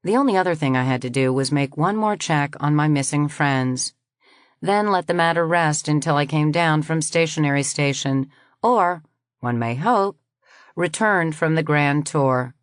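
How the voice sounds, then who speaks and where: Woman reading a sci-fi audiobook, low voice, dry close sound, steady pace. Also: normal speed, clear, resonant tone, no room sound. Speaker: audiobook narrator. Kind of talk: scripted first-person narration.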